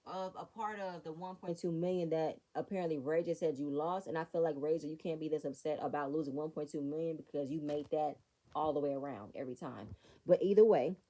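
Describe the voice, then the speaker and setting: Woman reviewer, opinionated and sassy, mellow warm voice. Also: low-pitched, fairly quick. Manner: sassy, opinionated, talks straight to viewers. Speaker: reality TV recap reviewer. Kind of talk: casual commentary.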